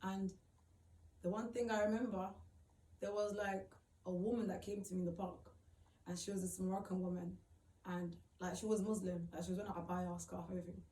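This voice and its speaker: A woman tells her own story in a halting, emotional way, often repeating herself and filling gaps with "like". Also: on the low side, little pitch movement, dark tone. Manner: halting, repeats phrases, many fillers. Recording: roomy, distant mic, faint background noise.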